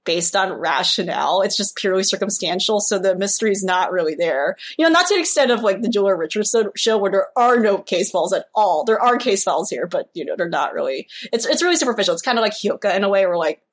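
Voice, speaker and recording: A woman's voice: mid-range voice, animated, quick pace, few pauses. A woman chatting casually on a podcast, giving rambling opinions with lots of fillers. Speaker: podcast co-host. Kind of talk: casual chat.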